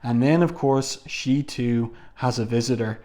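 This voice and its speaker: A man's voice: medium pitch, measured pace, darkish tone. A man reviewing an old comic book in a casual, chatty way, with frequent fillers and asides. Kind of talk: casual review with read-aloud quotes.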